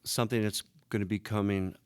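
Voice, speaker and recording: A man's voice: on the low side, fairly quick, smooth, no room sound. Man, musician, from Philadelphia, laid-back, chatty, radio studio interview. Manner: relaxed and chatty when talking, with fillers. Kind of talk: singing and rapping, then casual interview talk.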